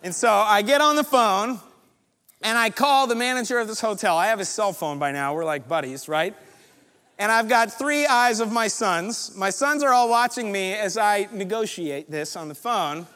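Animated male preacher in a big hall. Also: high voice, normal speed. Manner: animated, acts out other people's lines. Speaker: pastor. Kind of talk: storytelling sermon. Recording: long reverb of a large hall.

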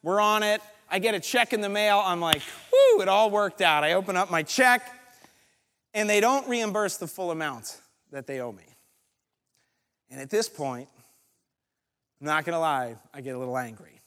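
A man with a high voice preaches a storytelling sermon, acting out each person in the story with lively voices. His voice rings with the long reverb of a large hall. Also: moderate pace, pauses often. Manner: animated, acts out other people's lines. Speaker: pastor.

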